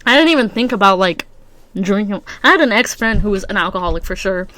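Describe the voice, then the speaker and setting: This podcast host, a stuffy-nosed young woman, chats solo in a slangy, rambling way full of fillers. She speaks fast in a mid-range voice that is animated, bright and forceful.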